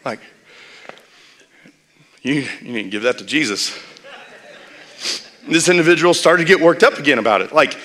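A man's voice: a little high, very animated, normal speed, pauses often, sharp tone. A man preaching a sermon as pastor, telling stories in a conversational way and building to emphatic peaks.

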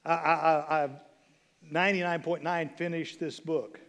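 A pastor preaching a sermon to his congregation, swinging between loud exclamations and hushed, intimate lines, with casual asides. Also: on the high side, level tone, normal speed. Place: church sanctuary.

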